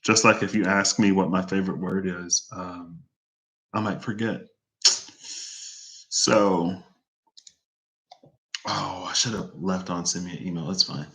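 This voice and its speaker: A man's voice: low-pitched, steady tone, unhurried, long pauses, sharp tone. A man talking casually to camera in a rambling vlog monologue, drifting between thoughts and acting out conversations. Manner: chatty, meandering, quotes others in raised voice. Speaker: vlogger.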